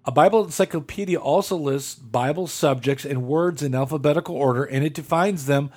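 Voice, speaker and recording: A man's voice: a little high, fairly quick, darkish tone, slightly rough. A man teaching a Bible study class, walking listeners through reference tools step by step, with occasional fillers and restarts. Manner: methodical, walks through numbered steps with fillers. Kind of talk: instructional lecture.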